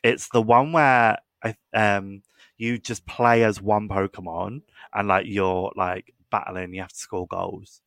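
A man's voice: lowish voice, steady tone, a little slow, gravelly, a bit bright, no room sound, studio quality. A young British man co-hosting a podcast in loose, casual chat, swearing freely and filling gaps with "um" and "like". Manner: loose and chatty, swears, many "um"s and "like"s. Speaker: podcast co-host.

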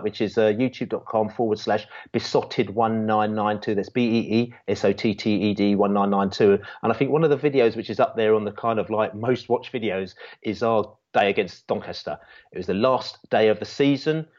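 A man's voice: lowish voice, a little mellow. A man telling a long football fan story in casual chat, rambling with many restarts and fillers. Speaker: football fan channel guest. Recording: dull lo-fi sound.

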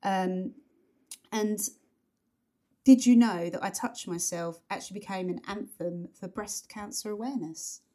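A woman co-hosting a podcast in a relaxed, rambling way. She talks at a middling pitch, leaning on fillers and restarting her sentences as she goes. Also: measured pace. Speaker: podcast co-host. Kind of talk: casual chat about a song.

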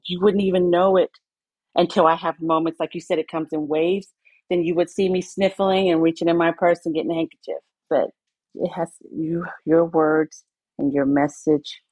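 A woman's voice: sits low, a little mellow, husky, no room sound, rough recording. A woman guest in a heartfelt conversation, speaking earnestly and emotionally. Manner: emotional, earnest, tearful at times.

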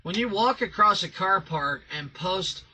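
A man's voice: high voice, animated, measured pace, pushed and bright, a little hiss or hum, poor audio. A man co-hosting a casual podcast, teasing his friends and swearing freely. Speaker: podcast co-host. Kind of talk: casual crude banter.

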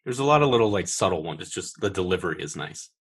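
A man's voice: low-pitched, quick pace, husky. A man talking casually about a film in a podcast chat, full of fillers, lifting his voice when he quotes lines. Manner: relaxed, filler-heavy, quotes lines in a lifted voice.

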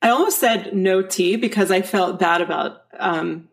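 A woman's voice: mid-range voice, normal speed, creaky. A woman hosting a podcast, chatting casually and reflecting on herself as she talks with a friend. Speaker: podcast host, dating mindset coach. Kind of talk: casual conversation.

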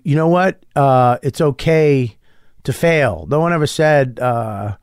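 A man chatting as a guest comedian, telling stories in an animated way, acting out other people's voices and swearing freely. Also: medium pitch, takes it slowly, clear, resonant tone, dry recording, clean studio sound. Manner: animated storyteller, acts out voices, swears a lot. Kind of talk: casual podcast conversation.

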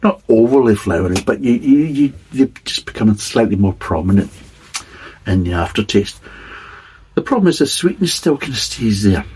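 Casting: man, lowish husky voice, rambling beer reviewer who keeps qualifying himself. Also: animated, normal speed, a little mellow, poor audio. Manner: rambling, hedging, many restarts. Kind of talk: casual tasting review.

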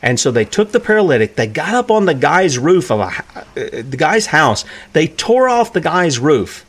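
A man's voice: fairly high pitch, sing-song, normal speed, a bit bright. A man preaching a sermon who asks his listeners rhetorical questions and acts out the characters in the stories he tells.

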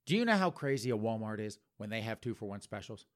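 A man's voice: lowish voice, sing-song, quick pace, pitched below the performer's own voice. A man voicing a sleazy, defensive man who makes flustered, indignant excuses.

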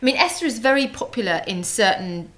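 A woman's voice: on the high side, expressive, brisk, fairly bright tone. Woman making dry teasing asides. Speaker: podcast co-host. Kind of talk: casual chat.

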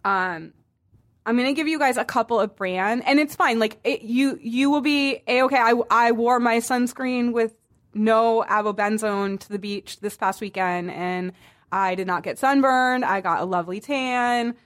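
A woman's voice: on the high side, normal speed. A woman from the Boston area hosting a podcast in casual chat, rambling with fillers and asides. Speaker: podcast host.

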